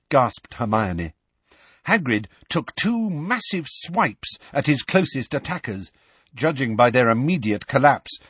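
A man narrating an audiobook in a measured, expressive scripted reading. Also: medium pitch, breathy edge, no room sound.

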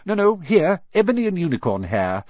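A man voicing an eccentric, soft-spoken old male wandmaker who can turn stern and sharp, in a storybook reading. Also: medium pitch, wildly swooping pitch, measured pace, breathy edge, no echo, highs cut off, voice pushed up, full character voice. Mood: eager.

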